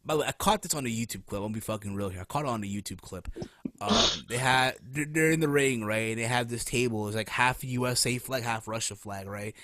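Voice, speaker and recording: A man hosting a casual wrestling podcast, animated and profane, who keeps tossing in "right?" between points. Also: mid-range voice, quick pace. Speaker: podcast host.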